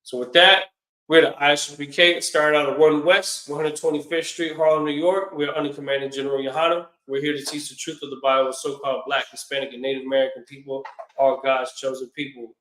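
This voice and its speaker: A man's voice: mid-range voice, level tone, quick pace, sharp tone. A man giving a classroom lecture in an earnest, repetitive way. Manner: earnest lecturing, repeats himself. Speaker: teacher. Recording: echoey room.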